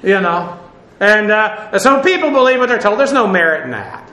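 A man's voice: high-pitched, big pitch swings, moderate pace, pushed and bright, reverberant. A man giving a verse-by-verse Bible lesson, talking conversationally with fillers and asides while he stands before a seated audience. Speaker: Bible teacher.

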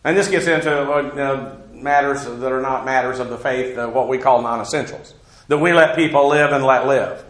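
A man's voice: medium pitch, normal speed, fairly bright tone, reverberant. A man teaching through a Bible passage verse by verse, folksy and digressive, with asides and chuckles.

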